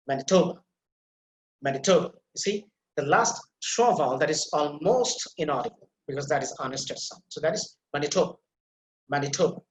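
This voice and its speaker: A male teacher giving a pronunciation lecture, repeating example words slowly and stressing their syllables, a native Bengali speaker. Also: on the high side, fairly bright tone, roomy sound. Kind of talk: online lecture.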